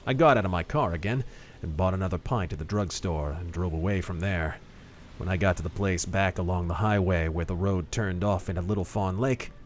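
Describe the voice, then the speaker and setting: A man narrating a hard-boiled pulp story in the first person, gruff and deadpan. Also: sits low, slight background noise. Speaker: audiobook narrator.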